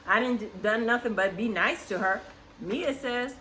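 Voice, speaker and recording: Woman, reality TV recap host, blunt, swears freely, bright tone. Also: on the high side, lively intonation, normal speed, a little hiss or hum. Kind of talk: casual reality TV recap commentary.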